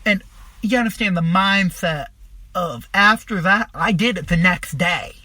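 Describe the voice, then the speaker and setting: A man's voice: high voice, unhurried, bright, forceful tone, no room sound. A man hosting a podcast, telling a personal story in a rambling, profane way, full of fillers. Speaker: podcast host.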